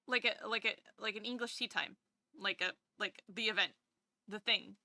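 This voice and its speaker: Bright, rambling woman streamer. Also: medium pitch, moderate pace, no room sound. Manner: rambling, swears, animated. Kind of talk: casual livestream chat.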